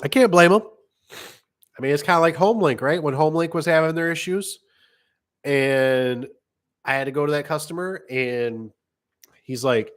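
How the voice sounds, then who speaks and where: A man's voice: a little high, normal speed, pauses often. A middle-aged man who runs a garage door business, telling rambling work stories in casual chat. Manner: rambling, acts out customer voices. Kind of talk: casual storytelling monologue.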